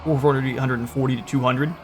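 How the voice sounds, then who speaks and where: A man's voice: medium pitch, level tone, quick pace, background noise. A man casually commentating his own strategy game session, thinking aloud with frequent fillers and restarts. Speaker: gaming channel host.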